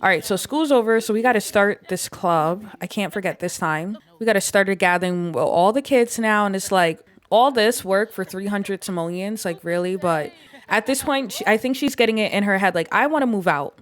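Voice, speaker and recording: Speaking at a moderate pace in a mid-range voice, a young woman chats casually through a game, leaning on plenty of fillers. Now and then she gives voice to the characters' possible thoughts.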